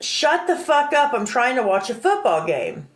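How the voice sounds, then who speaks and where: A man's voice: very high-pitched, lively intonation, fairly quick, pushed and bright, reverberant, voice pushed up, full character voice. A woman voicing a rude, aggressive man who threatens her. He sounds harsh and hostile.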